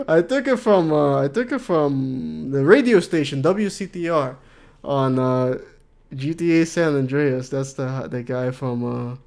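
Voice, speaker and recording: A man's voice: fairly high pitch, a little mellow. A man chatting casually on a game stream, rambling and joking and reading out chat messages. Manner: rambling, jokey, reads chat aloud.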